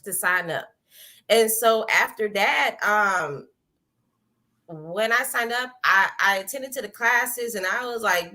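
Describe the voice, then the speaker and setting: A woman tells her personal story with a bright, forceful tone. She acts out what she said back then and laughs easily along the way. The talk is casual and full of feeling. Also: medium pitch, takes it slowly. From American South. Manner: acts out her own past words, laughs often. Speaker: guest giving a testimony.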